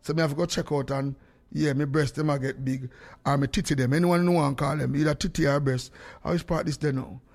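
High-voiced Jamaican man joking on a live stream. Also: quick pace. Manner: animated, teasing, calls out to viewers by name. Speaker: livestream host. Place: his home studio.

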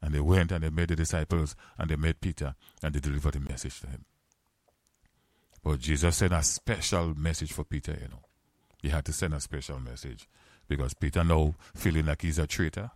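A man's voice: rumbling low, fairly even intonation, fairly quick, a little mellow, no echo. A man preaching a sermon, repeating phrases and building to fervent, emphatic exhortation.

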